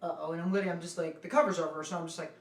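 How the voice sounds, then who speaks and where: A man's voice: fairly high pitch, steady tone, very fast. Brash young man in an echoey room. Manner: brash, profane, punchy delivery. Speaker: guest. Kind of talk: casual storytelling.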